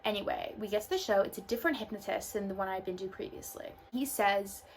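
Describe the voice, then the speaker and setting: A woman's voice: mid-range voice, fast talker. A young woman telling a personal story in a casual vlog, full of "like" and loose asides. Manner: casual, filler-heavy storytelling. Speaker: vlogger. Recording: faint background noise.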